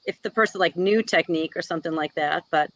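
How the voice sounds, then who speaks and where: A woman from Wisconsin, a jiu-jitsu black belt and instructor, talks fast in a lowish voice as a guest in a casual interview. Her chatty speech is packed with "like" and "you know," and the recording has no echo but the highs are cut off.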